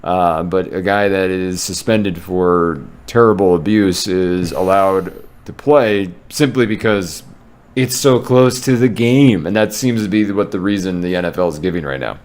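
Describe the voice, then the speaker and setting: Man, very low voice, podcast co-host, casual sports chat, rambling with ums. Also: a little slow, a little mellow. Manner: rambling, self-correcting, with filler ums.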